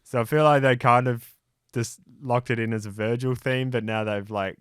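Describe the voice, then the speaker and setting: A man co-hosting a podcast in casual chat, easygoing and hesitant, often pausing on "um" and restarting his sentences. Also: medium pitch, steady tone, clear, resonant tone, no room sound, studio quality. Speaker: podcast co-host.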